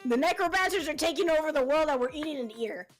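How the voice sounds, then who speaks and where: A woman's voice: high voice, quick pace. A woman guesting on a stream, joking and swearing as she stammers out suggestions for a text adventure, with faint music behind. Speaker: guest co-player. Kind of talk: casual chat.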